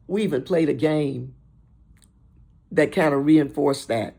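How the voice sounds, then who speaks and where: An older woman hosting an inspirational talk show, speaking emphatically and repeating and listing words in a steady rhythm. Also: deep voice, a little slow, vocal fry. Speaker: host.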